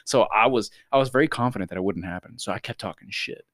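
A young man co-hosting a podcast, telling animated stories in casual chat, swearing and saying "dude" a lot. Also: lowish voice, fast talker, dry recording, clean studio sound. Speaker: podcast co-host.

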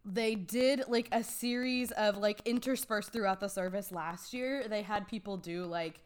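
A young adult woman on a casual movie-review podcast, telling an animated story full of fillers like "um" and "like" and frequent laughs. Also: mid-range voice, measured pace, smooth. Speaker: podcast co-host.

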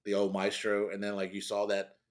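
A man's voice: on the low side, monotone, a little fast. A man chatting casually about old movies on a podcast, rambling and laughing as he goes. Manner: rambling, laughs often, trails off. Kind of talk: casual chat.

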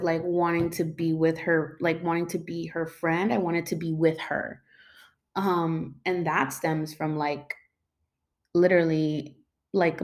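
Low-voiced young woman rambling casually. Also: a little mellow. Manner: rambling, filler-heavy, swears freely. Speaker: storyteller. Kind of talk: casual personal storytelling.

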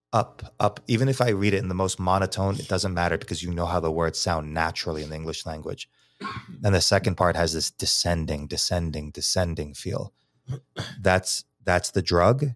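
A man's voice: deep voice, dry recording. A man from New York, a teacher and psychology researcher, explaining poetry as a guest in a casual podcast interview, thinking aloud with many restarts.

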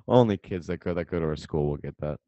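A man's voice: low voice, fast talker, dark tone, no room sound, lo-fi sound. A young man co-hosting a podcast in casual banter, often stammering and restarting his sentences. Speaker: podcast co-host.

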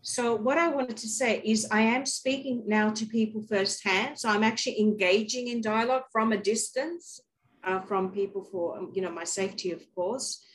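A woman's voice: fairly high pitch, normal speed, low-quality recording. An Australian woman co-hosting an online talk show, telling a long rambling story in casual chat.

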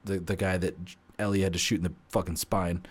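A young man co-hosting a podcast, talking in a relaxed, reflective way. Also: deep voice, fast, breathy edge. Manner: relaxed, reflective, laughs often. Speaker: podcast co-host, former set carpenter. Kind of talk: casual chat.

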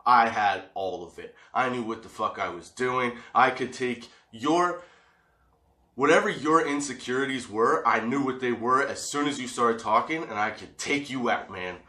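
A man tells a personal story to his viewers in casual, swearing, animated talk. His voice has a bright edge. The sound rings off the walls of an echoey room. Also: medium pitch, normal speed. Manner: profane, animated, laughs often, talks straight to the viewer. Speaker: vlogger.

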